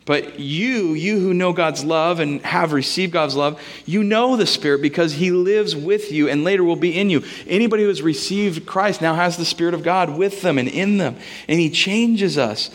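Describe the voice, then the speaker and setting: A man's voice: a little high, normal speed. A man, a pastor, preaching a sermon in a casual, conversational way, mixing scripture with personal stories.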